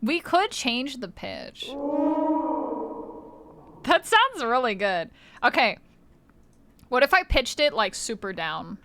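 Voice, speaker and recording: A woman's voice: on the high side, sing-song, slow, long pauses, bright, forceful tone. A woman streamer in casual livestream chat, playful, swearing freely and laughing often, on a close mic.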